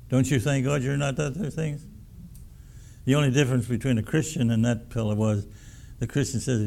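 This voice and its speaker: A man's voice: mid-range voice, flat delivery, moderate pace, gravelly, warm tone. A pastor preaching a sermon in a folksy, emphatic way, often repeating his words.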